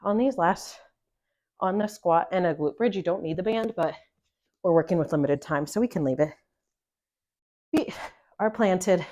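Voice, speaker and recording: A woman's voice: fairly low pitch, moderate pace, pauses often, darkish tone. Breathless woman coaching a workout. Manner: encouraging, talks through exercises between breaths. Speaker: fitness coach. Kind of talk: follow-along workout instruction.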